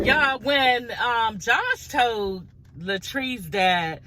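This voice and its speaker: A woman's voice: fairly high pitch, lively intonation, moderate pace, background noise. A woman recapping a reality show in a casual gossip vlog, blunt and profane, talking straight to her viewers.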